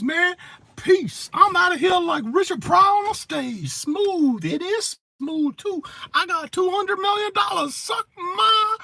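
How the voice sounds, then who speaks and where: A man voicing a frantic, shrieking man pulled over by police, shouting, crying out and cursing in an improvised stand-up bit. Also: very high voice, no echo, pitched above the performer's own voice, heavily acted.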